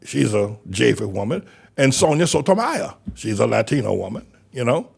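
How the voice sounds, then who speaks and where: A man, a church pastor, giving animated sermon-style commentary with a stammering, repetitive delivery and loud outbursts. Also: mid-range voice, moderate pace, creaky, breathy edge.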